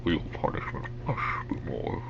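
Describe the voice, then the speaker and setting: A man voicing a menacing masked male villain in a breathy, muffled whisper, with slow, heavy delivery. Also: natural voice. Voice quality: breathy, whispered, muffled through a clamped nose.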